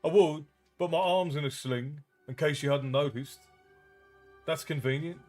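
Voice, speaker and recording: A man's voice: on the high side, measured pace, a little mellow, soft background music. A man reading aloud, voicing a sulky, hungry teenage wizard boy who grumbles irritably. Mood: grumbling.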